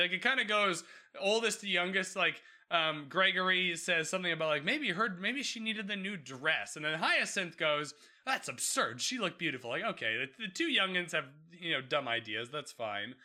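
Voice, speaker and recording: A man hosts a casual podcast recap of a TV episode. His voice sits high and sounds very bright and forceful, with a lively, swooping pitch. He swears freely and slips into the characters' lines as he talks. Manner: animated, swearing, acting out characters. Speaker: podcast host.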